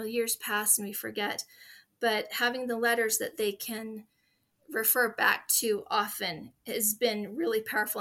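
A woman's voice: a little high, a bit bright. A woman in her forties, a podcast guest speaking earnestly and fondly about family traditions in a conversational interview.

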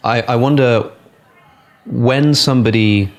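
A man's voice: mid-range voice, slow. A man with a British accent asking questions in a polite, hesitant way, often restarting his sentences. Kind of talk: careful conversational questioning.

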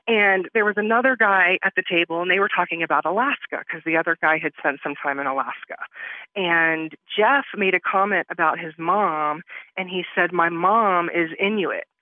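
A woman's voice: fairly low pitch, moderate pace, dry recording. Woman guest recounting her story over a tinny phone line, chatty, lots of "i was like", dry sound. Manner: conversational, with many "I was like" and "um" fillers. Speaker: interview guest. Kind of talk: telling her story in an interview.

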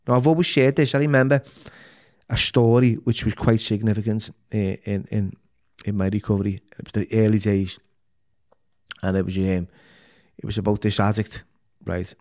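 A man's voice: lowish voice, fairly even intonation, normal speed, pauses often, darkish tone. A middle-aged man, a podcast guest talking candidly, bluntly and full of swearing, often restarting his sentences. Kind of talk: candid interview talk.

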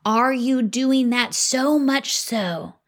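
A woman in her thirties speaks to fellow mothers in an earnest, conversational faith talk, often checking in with her listeners. Her voice sits fairly high for a woman. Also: takes it slowly. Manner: earnest, conversational, with tag questions. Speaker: Christian mom speaker.

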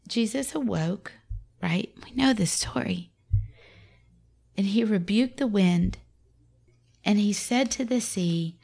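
A woman's voice: mid-range voice, slow, gravelly, long pauses, dark tone. A woman, around her forties, giving a conversational devotional talk to mothers on a scripture story, acting out the quoted lines with feeling. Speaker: Christian speaker to mothers.

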